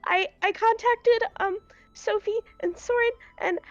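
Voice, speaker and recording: A woman voicing a distraught young female apprentice who is crying and pleading in a high, breaking voice. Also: fairly even intonation, measured pace, muffled recording. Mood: sobbing.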